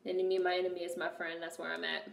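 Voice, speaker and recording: A young woman streaming and chatting casually with her viewers, telling animated stories full of swearing. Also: lowish voice, racing, gravelly. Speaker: streamer reacting to a movie and reading chat. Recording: echoey room.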